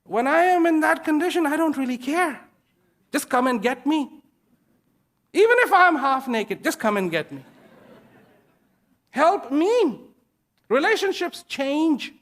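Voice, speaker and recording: A man giving a speech to an audience, slow and deliberate, pausing between short phrases and repeating key words for emphasis. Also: extremely high pitch, sing-song, fairly bright tone. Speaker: invited speaker. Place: event at a large international venue.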